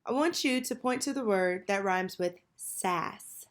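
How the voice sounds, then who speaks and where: A woman teacher leading a children's phonics lesson, patiently prompting and pausing for answers. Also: mid-range voice. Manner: slow, patient, call-and-response prompting.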